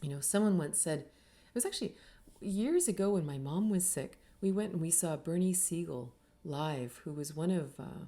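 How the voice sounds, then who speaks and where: A middle-aged woman from Canada talks earnestly about connection, with a mellow, low-pitched voice. She speaks reflectively and briefly acts out the people in her stories. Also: animated, normal speed. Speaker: author and speaker. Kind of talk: reflective spoken talk.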